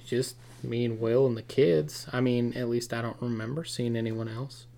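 A man voicing a friendly woman who speaks in a slow southern drawl and calls people "dear.". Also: mid-range voice, fairly even intonation, gravelly, natural voice. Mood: gentle, puzzled. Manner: unhurried, gentle drawl.

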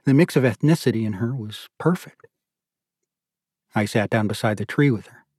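A man narrating an audiobook in a measured, steady storytelling manner. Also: lowish voice, breathy edge, no echo, studio quality.

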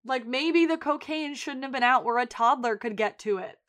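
A woman talks casually on a podcast, recapping scenes and slipping into quoted lines as she goes. Her voice sits a little on the high side. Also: normal speed. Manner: animated retelling with quoted voices. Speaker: podcast co-host. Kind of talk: casual chat recapping a TV episode.

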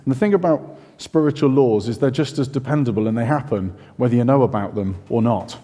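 A man giving a sermon in a relaxed, conversational way, full of self-questions and chatty asides. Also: mid-range voice, a little fast. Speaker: preacher. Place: church. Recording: reverberant church hall.

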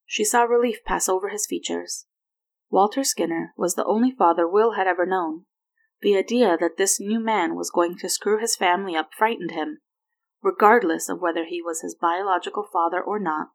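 A woman reading fanfiction aloud as an audiobook narrator, in a steady, even manner. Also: fairly low pitch, moderate pace. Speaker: fanfiction reader.

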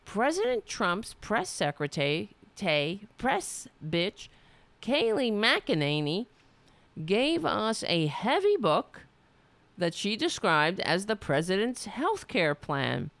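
A woman's voice: medium pitch, wildly swooping pitch, takes it slowly, creaky, fairly bright tone, dry recording. A woman hosting a livestream, ranting angrily with profanity and self-mockery. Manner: angry, profane, self-mocking. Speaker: livestream host. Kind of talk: ranting commentary.

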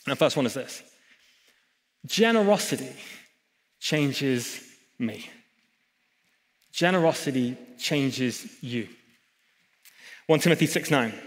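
A man's voice: mid-range voice, lively intonation, slow pace, long pauses. A man preaching a sermon in a church hall, emphatic, with chatty asides to the congregation. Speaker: pastor.

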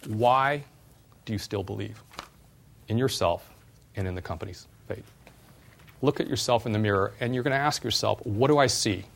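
A middle-aged man, a former startup CEO, giving a university talk and telling personal stories in an animated way. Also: lowish voice, moderate pace, gravelly, pauses often, slight background noise. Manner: animated storyteller, voice jumps up when retelling exchanges.

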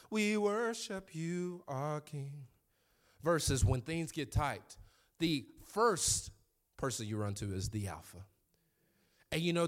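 Animated preacher man telling stories. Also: a little high. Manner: animated storytelling with quoted voices. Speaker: pastor. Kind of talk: sermon.

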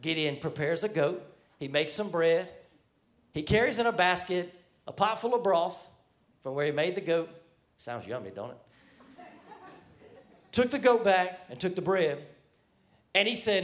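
A man's voice: high-pitched, very animated, measured pace, pauses often, fairly bright tone. A man preaching a sermon, retelling a Bible story in casual, everyday speech and speaking the figures' lines in his own voice.

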